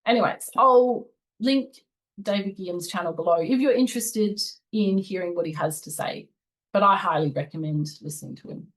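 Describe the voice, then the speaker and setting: A woman's voice: mid-range voice, normal speed, poor audio. A woman hosting a spiritual channel, giving casual commentary and sharing personal stories in an earnest, confiding way.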